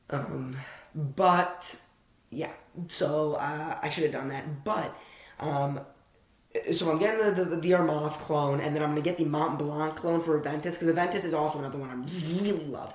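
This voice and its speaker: A young American man with a fairly high voice talks at a moderate pace in an echoey room at home at night. A fragrance reviewer, he chats casually through an unboxing vlog, rambling and self-aware as he addresses his viewers.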